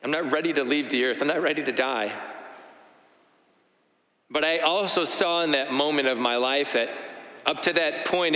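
A man giving an earnest, reflective personal testimony. He talks in halting phrases, often restarting and repeating himself. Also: a little high, pushed and bright. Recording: echoey hall with long reverb.

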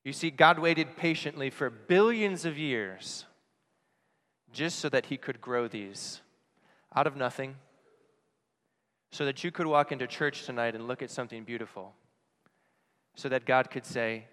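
A priest giving an earnest Christmas homily, asking rhetorical questions and dropping softly on key phrases. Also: male voice, mid-range voice, unhurried, long pauses. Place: church. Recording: long church reverb.

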